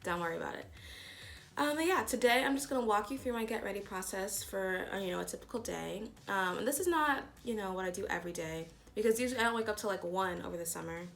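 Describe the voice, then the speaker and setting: Woman with a gravelly morning voice. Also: mid-range voice, quick pace. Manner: chatty, rambling, relaxed. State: groggy morning voice. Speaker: beauty vlogger. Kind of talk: casual get-ready-with-me chat.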